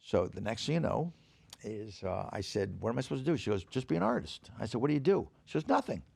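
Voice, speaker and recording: An older man, a podcast guest, telling stories in casual chat, animated and profane, laughing as he acts out the people he quotes. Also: fairly low pitch, fast, gravelly, no room sound. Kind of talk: casual storytelling.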